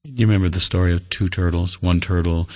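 A man's voice: sits low, steady tone, a little fast, darkish tone, no room sound. A man preaching a sermon as a pastor for listeners, earnest and folksy, with light jokes. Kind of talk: radio sermon.

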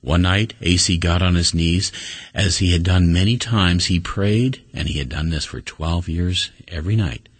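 A man preaching a sermon and telling a story with earnest emphasis, rising high for key words and dropping almost to a hush. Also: normal speed, slightly rough, no room sound.

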